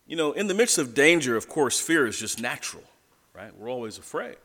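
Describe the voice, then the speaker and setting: In a church sanctuary, a male pastor preaches conversationally, chuckling as he tells a story. His medium-pitched voice is very animated, brisk and fairly bright, and the room adds long church reverb.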